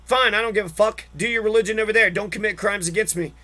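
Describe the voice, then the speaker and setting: Male podcast host, very high pitch, profane, exasperated political rant. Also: quick pace, bright, forceful tone. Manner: heavy swearing, exasperated ranting.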